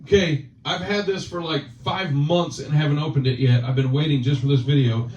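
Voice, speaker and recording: A man's voice: on the high side, fairly even intonation, fairly quick, a little mellow. A man hosting a casual chat, teasing his guest in joking banter. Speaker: channel host. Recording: roomy, distant, dull sound.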